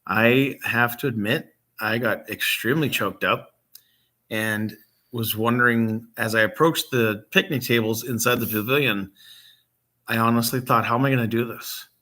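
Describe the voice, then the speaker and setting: A middle-aged man from Michigan, a grieving father hosting a vlog, talks off the cuff with many pauses and ums, his voice catching as he nears tears. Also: mid-range voice, steady tone, sharp tone. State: emotional, near tears. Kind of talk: unscripted casual talk to camera.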